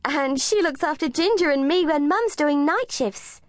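A woman voicing a cheerful young girl who speaks in a high, eager way. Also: animated, moderate pace, no room sound, studio quality.

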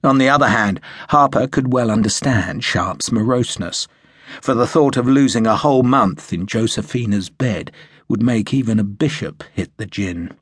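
A man reading a novel aloud as audiobook narrator, with measured storytelling. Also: lowish voice, slightly rough, no echo, studio quality. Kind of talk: scripted narration.

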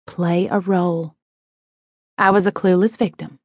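A woman reads a first-person audiobook story in a measured, inward way. Her voice sits a little low, and the recording is dry and close, with no room around it. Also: fairly even intonation, a little mellow, slightly rough, dry recording. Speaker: audiobook narrator.

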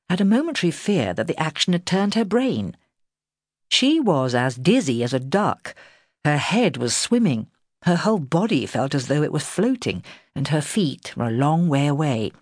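A woman narrating a historical novel in a measured, expressive storytelling manner, close to the mic. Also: low voice, no echo. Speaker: audiobook narrator. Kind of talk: scripted narration.

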